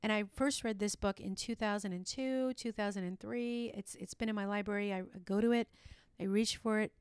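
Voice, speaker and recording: A woman's voice: mid-range voice, steady tone, normal speed, darkish tone, clean tone, no room sound. A woman hosting her own podcast, talking earnestly and encouragingly, with many restarts and asides. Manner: earnest and encouraging, with frequent restarts and "you know". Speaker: podcast host. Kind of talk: motivational solo podcast talk.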